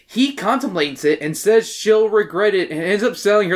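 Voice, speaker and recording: A woman's voice: medium pitch, normal speed. A woman hosting a casual podcast, recapping a children's horror book with jokes and swearing. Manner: animated, swearing, joking recap. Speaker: podcast host. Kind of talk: casual chat, summarizing a book.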